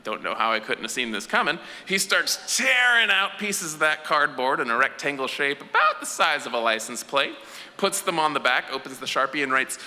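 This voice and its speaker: A man telling a true story live on stage in an animated way, acting out the other voices. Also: a little high, normal speed. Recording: echoey hall with faint noise.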